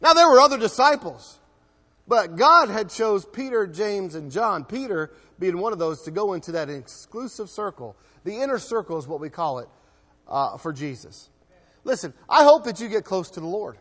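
A man with a high voice preaches in a church. His delivery is emphatic, shifting between loud passages and hushed ones, with frequent repeated words. A long reverb trails each phrase. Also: big pitch swings, normal speed. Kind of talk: sermon.

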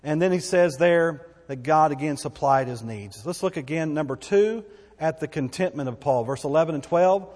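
A man's voice: a little high, normal speed, darkish tone, in a large hall. A man preaching a sermon as a pastor, in a conversational, folksy way with asides and repeated phrases.

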